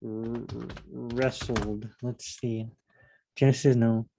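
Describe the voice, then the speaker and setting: A man leading a casual solo Bible study, reading verses aloud and then musing on them out loud with questions. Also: mid-range voice, little pitch movement, slow, background noise.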